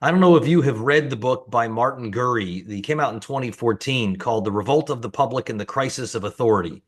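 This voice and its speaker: A man's voice: medium pitch, fast talker. A man hosting an interview, asking long, thoughtful questions in a conversational way. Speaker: host.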